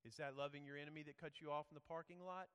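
A man's voice: a little high, steady tone, rapid-fire, fairly bright tone, clear, resonant tone. A man preaching a sermon, earnest and conversational, telling personal stories. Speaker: pastor. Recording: echoey hall reverb.

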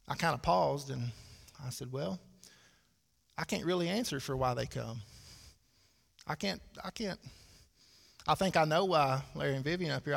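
A man's voice: on the high side, vocal fry, fairly bright tone. A man, preaching a sermon to his church in a folksy, conversational way with dry asides. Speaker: pastor. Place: church sanctuary. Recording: hall with long reverb.

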